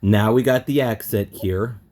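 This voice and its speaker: A man learning a language in an online lesson. He thinks out loud and repeats words as he practices them. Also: on the low side, unhurried. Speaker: language student.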